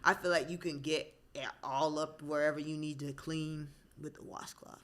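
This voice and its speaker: A woman's voice: low voice, fairly even intonation, moderate pace. A woman from Florida on a podcast, chatting candidly and frankly with plenty of "like" fillers. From Florida, USA. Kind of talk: casual chat.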